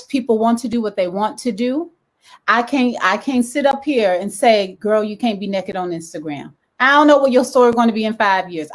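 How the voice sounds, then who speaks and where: Passionate, boisterous woman panel guest. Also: medium pitch. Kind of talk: panel discussion.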